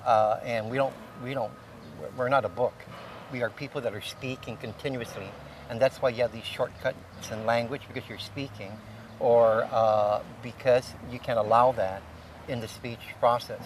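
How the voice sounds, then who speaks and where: A man tutoring a colleague in pronunciation, speaking patiently and pausing often to search for the right words. He sits a little away from the microphone, so his voice sounds slightly distant over a faint hiss. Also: mid-range voice, steady tone. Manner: patient, explains slowly with many "uh" fillers. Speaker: Chamorro language instructor. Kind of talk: conversational language lesson.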